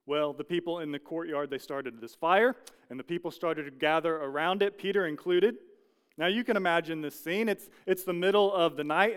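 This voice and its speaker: Guy preaching a sermon, earnest storyteller, smooth clear voice, bit high. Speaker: pastor.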